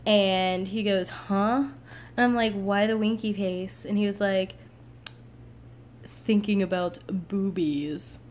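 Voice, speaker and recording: A woman in her late teens, vlogging casually and telling a story in a chatty, animated way, full of "like" and laughter. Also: mid-range voice, takes it slowly, slight background noise.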